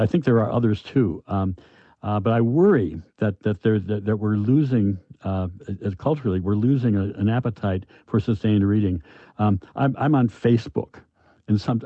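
An older man, an author, answering interview questions in a halting, thoughtful way with many restarts. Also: on the low side, no echo. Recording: dull, lo-fi, dry sound.

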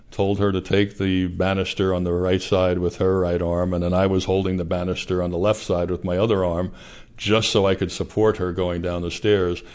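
A man being interviewed, recounting a personal experience in a measured, reflective way. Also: low-pitched.

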